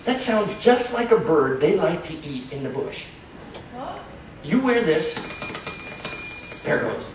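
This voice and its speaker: This male nature lecturer jokes his way through a live wildlife talk, speaking slowly with long pauses in a fairly high, sing-song voice. The sound comes from far off in a large hall, so it is echoey and noisy.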